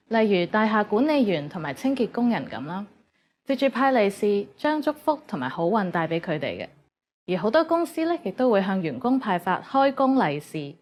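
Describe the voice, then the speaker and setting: Woman narrator, scripted lesson, measured reading, mid-pitched. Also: darkish tone.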